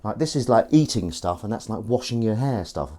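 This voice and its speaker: A man hosts a live stream in loose, rambling chat, poking fun at himself as he goes. His voice sits low and sounds mellow and dark. The pitch still swings about freely. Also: animated, brisk. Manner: rambling, self-mocking and chatty, slipping into a high sing-song voice to coax his cat. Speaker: host. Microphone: fixed streaming mic.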